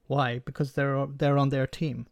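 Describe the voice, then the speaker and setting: Gravelly man explaining in casual chat. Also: mid-range voice, flat delivery, unhurried, no echo, studio quality. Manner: explanatory, repeats words as he thinks. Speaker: podcast co-host.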